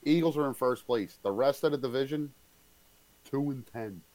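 A man's voice: medium pitch, normal speed, a little mellow, rough recording. A man co-hosting a casual sports podcast, argumentative and slangy.

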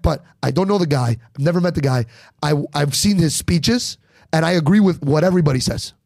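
Here a male comedian talks on a podcast in a fairly high, creaky voice at a slightly quick clip. Studio-quality audio with no room sound captures his lively anecdotes, in which he mimics the voices of others.

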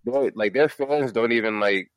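A man's voice: medium pitch, normal speed, no echo. A man co-hosting a casual sports podcast from home, loose and profane, rambling with restarts. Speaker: podcast co-host.

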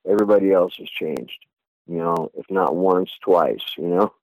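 A man's voice: sits low, normal speed, dry recording, low-quality recording. A male singer being interviewed, chatting casually and rambling with lots of "you know" fillers. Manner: animated storyteller. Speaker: band singer, interview guest.

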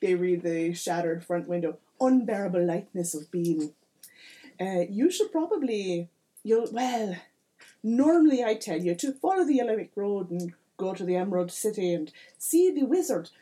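A woman voicing a pushy, chatty male small-town mayor with a deliberately bad put-on accent. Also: medium pitch, animated, dark tone, close to an everyday voice.

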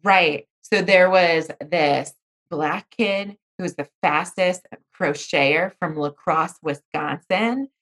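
Chatty woman with a lowish voice. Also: takes it slowly. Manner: chatty, animated storyteller. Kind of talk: casual chat.

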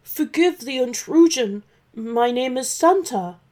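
A woman's voice: a little high, animated, a little slow, darkish tone. A woman voicing a nervous, bumbling Santa Claus, an old man who stammers and fibs cheerfully.

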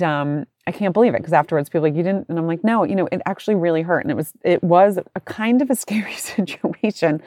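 A woman in her forties tells a story in a lowish voice, animated and chatty, slipping into other people's voices. The sound is close and dry, with no room around it. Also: no echo. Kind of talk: casual storytelling.

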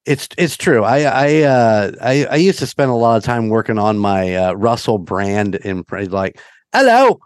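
A man's voice: medium pitch, normal speed, hardly any pauses, smooth, no echo, clean studio sound. A man hosting a paranormal podcast, chatting casually, joking, laughing often and swearing freely. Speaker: podcast host.

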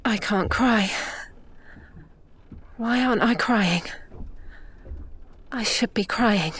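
A woman reading a first-person story aloud in a hushed, breathy half-whisper. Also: mid-range voice. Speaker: audiobook narrator. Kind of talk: first-person dramatic narration.

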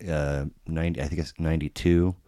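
A middle-aged man hosting a podcast in relaxed casual chat, talking hesitantly with short interjections. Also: very deep voice, brisk, clean tone, no echo, clean studio sound. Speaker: podcast host. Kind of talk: casual conversation about music.

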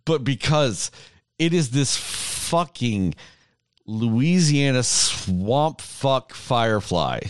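A man's voice: mid-range voice, lively intonation, very slow, dry recording, studio quality. Worked-up swearing man ranting. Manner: emotional, laughs between words. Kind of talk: casual chat.

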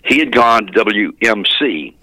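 An older man tells radio-career stories in a folksy interview manner. His voice is fairly low yet bright and forward, and he clears his throat now and then. The recording is dry and close. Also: expressive, a little slow, no room sound, poor audio. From Memphis, USA. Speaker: guest, radio DJ. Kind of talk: casual storytelling interview.

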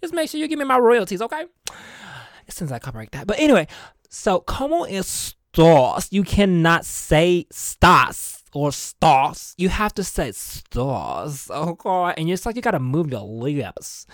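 A man's voice: high-pitched, very animated, normal speed, dry recording, studio quality. A man hosting his own podcast, chatting casually in a sassy, playful, diva-ish way and laughing often. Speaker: podcast host. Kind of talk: casual solo podcast chat.

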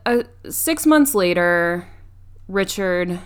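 A woman's voice: lowish voice, expressive, slow, clean tone. A young woman co-hosting a podcast, casually recapping a movie's plot with frequent ums and restarts. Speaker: podcast co-host.

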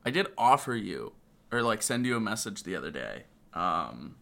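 A man's voice: lowish voice, very animated, moderate pace, gravelly, pushed and bright. A man who is a guest co-host on a podcast, chatting casually in a laid-back way with fillers.

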